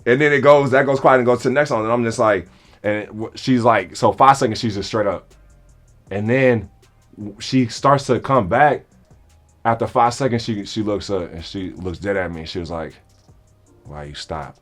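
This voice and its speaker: A young man telling a comedic story to friends in a casual, animated way, acting out both sides of the conversation. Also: medium pitch, normal speed, faint music behind.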